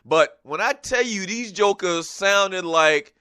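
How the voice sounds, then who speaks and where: A man from Lowcountry South Carolina hosting a radio show, rambling through a chatty, laugh-filled monologue. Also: slow, background noise. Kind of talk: casual talk radio monologue.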